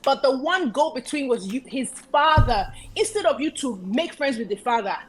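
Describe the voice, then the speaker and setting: A woman's voice: high voice, expressive, moderate pace, noisy background. A woman giving earnest, preachy advice in a casual talk show chat, repeating phrases for emphasis. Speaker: guest commentator.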